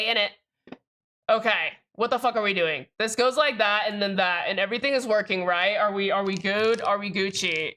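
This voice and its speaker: Loud, bright-voiced excitable young woman. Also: mid-range voice. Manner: excitable, loud and rambling, jokey. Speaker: live streamer. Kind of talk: casual live-stream chat.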